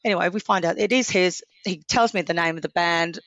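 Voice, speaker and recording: A woman in her forties from Australia talks as a podcast guest in a slightly low voice. She tells her stories with lively energy and acts out what people said. The sound is dry and close. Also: a little fast, no room sound, lo-fi sound. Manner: lively storyteller, acts out quotes. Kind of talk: casual interview chat.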